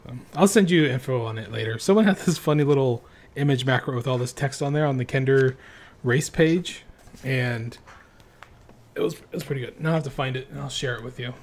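A man trading jokes and playful teasing as a podcast co-host. His voice sits at an ordinary middle pitch and his talk is casual and loose. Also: a little fast. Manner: joking, teasing banter. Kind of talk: casual chat about tabletop games.

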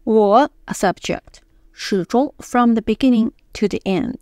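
A woman's voice: fairly high pitch, a little mellow, dry recording. Woman teaching pronunciation, dry close sound. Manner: explains in short phrases, repeating example words slowly. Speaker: Mandarin teacher. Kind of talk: pronunciation lesson.

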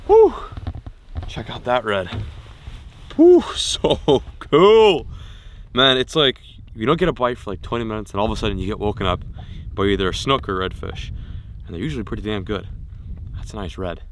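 A young man vlogging from a fishing boat outdoors, excited and slangy, laughing often as he talks. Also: on the low side, fast talker, slight background noise. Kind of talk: excited outdoor vlog chat. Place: boat on open water outdoors.

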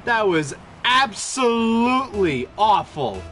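A man with a high, lively voice that swings all over the place, narrating his own gameplay in a slow, drawn-out way. He reacts loudly to the game, mixing laughter, yelps and sarcastic asides. Music plays clearly behind him. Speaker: gaming streamer. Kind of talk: live gameplay commentary.

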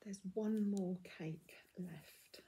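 A middle-aged woman in a casual unboxing vlog, gushing and often dropping into soft half-whispers as she reads out labels. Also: lowish voice, slow. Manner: reads out yarn labels in a steady list. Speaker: craft vlogger.

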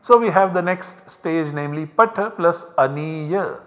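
In this university lecture, the speaker is an Indian man with a fairly high voice and an Indian English accent who explains things at a measured pace and points out examples on a slide. The sound is lo-fi and carries a long reverb.

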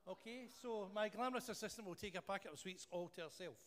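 A Scottish-accented man with a high voice talks fast as he leads a church service in a church hall, first praying and then running a playful quiz for the congregation. He's jokey and animated with the room, and the recording carries a long church-hall reverb with faint noise.

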